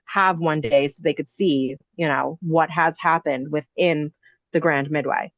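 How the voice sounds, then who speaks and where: A woman's voice: low voice, steady tone, measured pace, dry recording. Lady guest rambling thru a spooky story, like, you know, dull dry audio. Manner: breathless, rambling, heavy use of "like" and "you know". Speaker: podcast guest, inn owner. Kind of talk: telling a personal ghost story.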